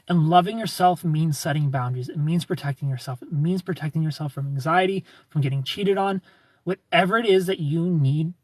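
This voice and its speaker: Husky-voiced man chatting on a livestream. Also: fairly high pitch, dry recording. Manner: chatty, gives frank relationship advice to viewers by name. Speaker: livestream host answering viewer comments. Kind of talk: casual livestream chat.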